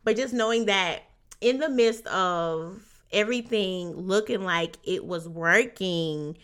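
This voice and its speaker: A woman's voice: medium pitch, slow, a bit bright, smooth. A young adult woman hosting a motivational podcast, talking earnestly and encouragingly and often checking in with "right?". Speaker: podcast host.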